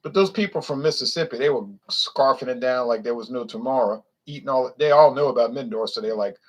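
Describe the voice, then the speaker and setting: Casting: man with a Louisiana accent, mid-pitched, blunt and opinionated, casual rambling vlog review. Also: fast talker. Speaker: beer reviewer.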